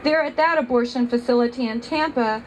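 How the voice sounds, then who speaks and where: A woman's voice: on the high side, fairly quick, a little hiss or hum, poor audio. A woman giving a personal testimony, telling her story earnestly and with emotion.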